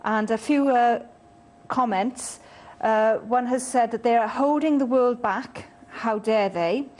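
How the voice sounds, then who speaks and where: Brisk woman reading viewer texts. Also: on the high side, a little mellow. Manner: brisk, reads out messages with filler uhs. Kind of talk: reading viewer questions on air.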